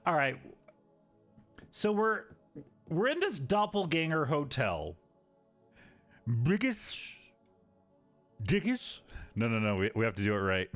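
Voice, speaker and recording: A playful male game streamer chatting with his viewers. His voice is fairly high and swoops widely. He talks at an unhurried pace, with faint music behind him. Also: big pitch swings, fairly bright tone. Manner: playful, giggly, riffs on chat jokes. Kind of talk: casual chat while streaming a game.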